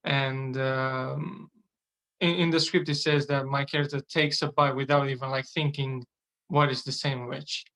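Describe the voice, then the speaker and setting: Slow hesitant acting student. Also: male voice, medium pitch, level tone, bright, forceful tone, poor audio.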